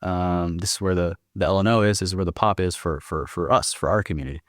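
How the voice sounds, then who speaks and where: A man's voice: sits low, fairly even intonation, fast, fairly bright tone, no echo, clean studio sound. A young man telling a war story as a podcast guest, swearing freely and acting out quoted dialogue. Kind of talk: casual storytelling.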